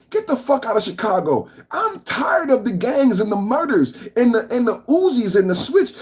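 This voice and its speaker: A woman in her fifties hosting a reaction podcast, ranting fiercely with profanity and repeated phrases. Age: 50s. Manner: fiery, profane, repeats phrases, lively pitch. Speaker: podcast host.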